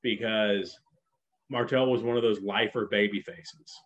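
A man's voice: on the low side, fairly even intonation, a little slow. A man co-hosting a casual chat, talking with enthusiasm and rambling through many restarts. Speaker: podcast co-host. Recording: dull lo-fi sound.

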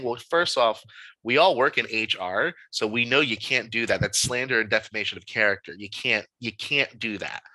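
A man, a podcast guest, telling stories from his life in a casual, animated and emphatic way. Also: medium pitch, moderate pace, dry recording, rough recording. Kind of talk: casual storytelling.

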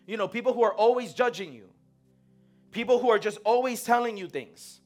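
A young man preaching in a relaxed, conversational way, full of slang and acted-out quotes. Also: sits high, brisk, faint music behind. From United States. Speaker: pastor. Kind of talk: sermon.

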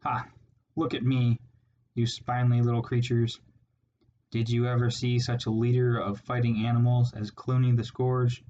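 A man's voice: mid-range voice, little pitch movement, normal speed, mellow, muffled recording, slight background noise, close to an everyday voice. A man voicing a cruel, arrogant male rat warlord in a storybook reading, sneering and menacing. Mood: gloating.

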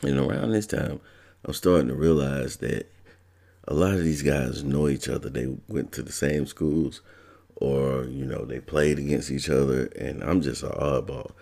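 A man's voice: a bass voice, moderate pace, gravelly, warm tone. A man from Georgia telling a personal story in a laid-back, casual way, laughing now and then.

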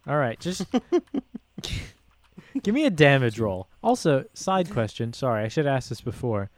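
A man running a tabletop game as game master, laughing often and describing the scene in a loose, relaxed way. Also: mid-range voice, a little slow, no echo.

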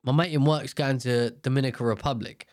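A man's voice: medium pitch, fairly even intonation, fairly quick, a little mellow, no room sound, clean studio sound. A young man telling a rambling, self-mocking story in a casual monologue.

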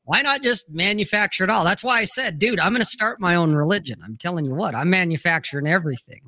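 A man with a fairly high voice throws out blunt wisecracks in a relaxed podcast chat. The mic is close and the sound is dry and dead. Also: fast talker, no room sound. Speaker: podcast co-host. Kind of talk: casual chat.

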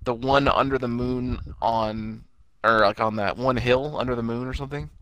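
Man, middle pitch, casual chat, rambling, profane, lots of fillers and restarts. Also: steady tone, moderate pace, fairly bright tone, rough recording. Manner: rambling, swearing, trailing off with fillers. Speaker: podcast co-host.

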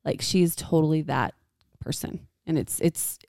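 Thirtyish woman on a podcast, low gravelly voice, dry close mic, laughs a lot. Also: a little slow, warm tone, no echo. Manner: candid, laughs often, says "like" a lot. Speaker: podcast co-host. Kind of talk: casual chat.

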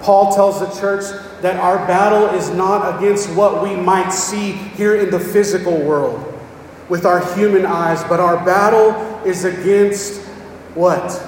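Here a pastor with a high-pitched, steady voice delivers an unhurried sermon, plain-spoken and conversational, often asking the congregation "okay?" There's slight background noise, and the sound comes from a distance in an echoing hall.

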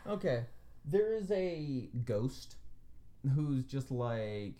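A woman's voice: very deep voice, sing-song, drawn-out words, warm tone. A woman co-hosting a podcast, chatting casually about a video game, laughing often and swearing freely. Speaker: podcast co-host.

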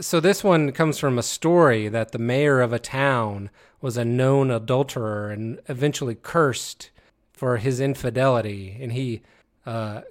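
A man hosting a casual guessing game, reading descriptions aloud, often laughing mid-sentence and stumbling over words. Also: mid-range voice. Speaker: game host.

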